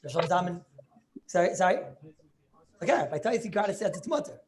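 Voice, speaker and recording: A man's voice: high voice, lively intonation, fairly quick. A man making a Talmudic argument in an online Torah class over a video call. He talks eagerly, restarts his sentences and keeps checking with "right?".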